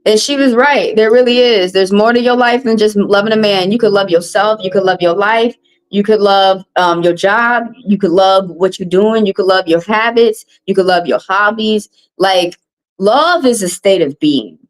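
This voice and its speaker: A woman's voice: mid-range voice, low-quality recording. A woman hosting a tarot live stream, talking bluntly and profanely in a casual monologue and repeating phrases for emphasis.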